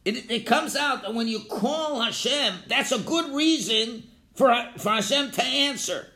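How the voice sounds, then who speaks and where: A man giving a Torah class lecture, animated, calling out his examples loudly. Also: very high voice, unhurried. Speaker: Torah teacher. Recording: echoey room.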